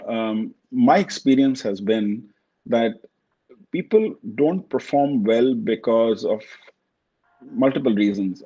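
A man from Pakistan, a company chief, answering interview questions in a measured corporate way, often restarting his words. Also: lowish voice, dark tone, lo-fi sound. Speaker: CEO guest.

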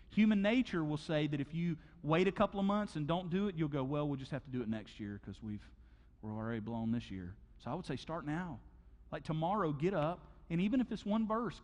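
Pastor preaching in a reverberant hall. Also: male voice, a little high. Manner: conversational preaching with frequent "okay?" and "man". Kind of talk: sermon. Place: large church auditorium.

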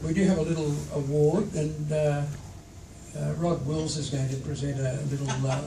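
A man's voice: on the high side, flat delivery, moderate pace. A man in his sixties as master of ceremonies, casually announcing the evening's program with many fillers. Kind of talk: event announcements. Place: function room at a dinner. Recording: echoey room from far off with noise.

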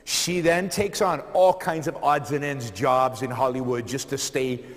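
A man's voice: mid-range voice, fairly even intonation, a little slow. A man giving a public lecture to a live audience, telling a life story energetically, with many fillers and repeated words. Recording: long hall reverb.

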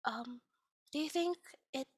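Timid, curious village folk, acted by a woman storyteller, asking things in a raised, halting voice full of pauses and ums. They sound shy and unsure. The sound is close and dry. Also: sits high, dry recording, pitched above the performer's own voice. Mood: hesitant.

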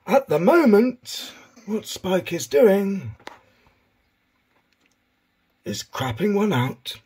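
A man putting on the voice of a male nature documentary narrator, measured and hushed. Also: high-pitched, sing-song, husky, voice pushed up, full character voice. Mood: mock-serious. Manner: measured, hushed wildlife commentary.

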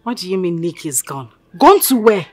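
A woman's voice: fairly low pitch, big pitch swings, normal speed, dark tone. A young woman playing a headstrong daughter who argues and pleads emotionally. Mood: pleading. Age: young adult.

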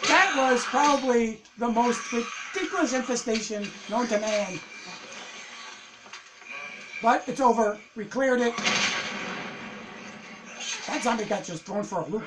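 A man giving casual let's-play commentary, excitable and swearing as he rants at the game. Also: very high-pitched, unhurried, pauses often, noisy background. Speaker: gameplay commentator.

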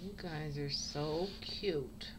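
A woman's voice: low voice, slow, background noise. A woman cat breeder narrating a casual home video, cooing baby talk at kittens.

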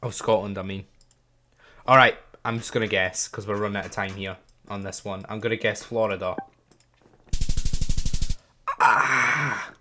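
A man's voice: lowish voice, steady tone, measured pace, pauses often, bright, forceful tone, slight background noise. A young man hosting a gaming channel, thinking aloud in casual, chatty gameplay commentary and joking at his own expense.

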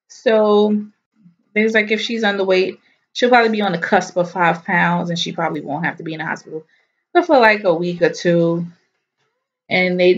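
A young pregnant woman talks through a casual vlog update. Her voice sits a little low and sounds somewhat stuffy and short of breath. She rambles along with plenty of ums and likes, and the home recording has a muffled, lo-fi sound. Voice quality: nasal, stuffy. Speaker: vlogger.

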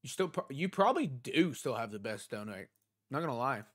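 A man's voice: mid-range voice, sing-song, brisk, fairly bright tone, husky. A young man live streaming a video game from his home desk, chatting casually and answering viewers' questions. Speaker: gaming streamer. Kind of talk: live stream chat while gaming. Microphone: desk mic.

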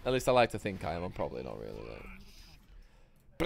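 A man's voice: on the low side, wildly swooping pitch, normal speed, gravelly, no room sound. A man giving sweary, rambling, self-mocking commentary while streaming a game live. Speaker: gaming streamer.

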